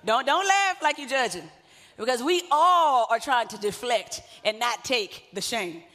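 Bright high-voiced woman preaching. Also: very animated, measured pace. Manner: conversational preaching, joking asides to the congregation. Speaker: pastor. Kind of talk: sermon. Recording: long hall reverb.

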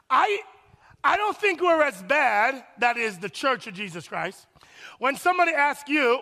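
A man preaching a sermon as pastor, with animated, lively storytelling and call-and-response with the congregation. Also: extremely high pitch, moderate pace, vocal fry, long reverb tail.

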